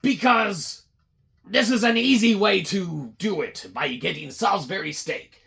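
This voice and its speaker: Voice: medium pitch, measured pace, vocal fry, fairly bright tone, breathy edge, voice pushed up, full character voice. A host putting on a pompous barking gaming boss. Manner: grandiose, barking commands. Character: pompous hoodie-loving male gaming executive. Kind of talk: comedic reenactment.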